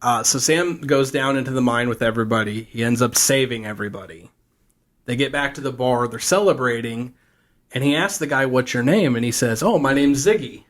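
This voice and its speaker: A podcast co-host with a brisk, mid-range voice rambles through a TV plot at length in casual chat. He acts out the characters' lines as he tells it.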